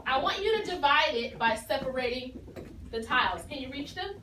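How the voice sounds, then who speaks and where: A woman's voice: sits high, expressive, brisk, pushed and bright. A woman teacher giving a phonics lesson to a class, explaining patiently and encouragingly. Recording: echoey room from far off with noise.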